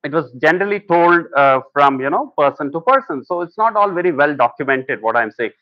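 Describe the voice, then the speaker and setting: A man talks through a spiritual lecture in a loose, conversational way. His voice sits a little high. The recording is dry and somewhat muffled. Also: animated, fairly quick, no echo. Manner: conversational, storytelling with acted quotes. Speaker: speaker at a talk.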